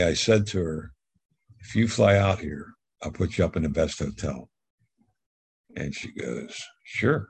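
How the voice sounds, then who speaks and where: Middle-aged man, husky low voice, casual rambling storyteller in an interview. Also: a little mellow, dry recording. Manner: rambling anecdotal storyteller, repeats words. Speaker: guest telling his life story.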